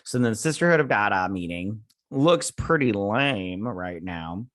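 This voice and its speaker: A man's voice: lowish voice, expressive, a little slow, a bit bright, no room sound, studio quality. A man hosting a casual TV episode recap, rambling through the plot with lots of fillers and restarts, sipping coffee early in the morning. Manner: rambling, filler-heavy, paraphrasing scenes. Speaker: host reviewing a TV episode.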